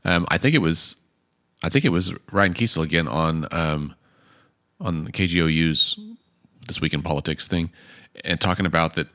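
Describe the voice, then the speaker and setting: Deep-voiced man, a podcast co-host. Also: moderate pace, pauses often, a bit bright. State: has hiccups. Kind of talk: casual political chat.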